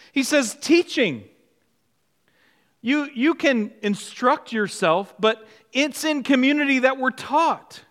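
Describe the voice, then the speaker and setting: A man preaching a sermon, earnest and storytelling, moving between ringing emphasis and hushed, low asides. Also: long reverb tail. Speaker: pastor.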